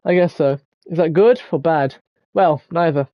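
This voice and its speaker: A man's voice: on the high side, normal speed, no echo, lo-fi sound, natural voice. A young man reading the lines of a shy bookish teenage girl from a visual novel in his own plain voice. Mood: earnest. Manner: reading game dialogue aloud flatly.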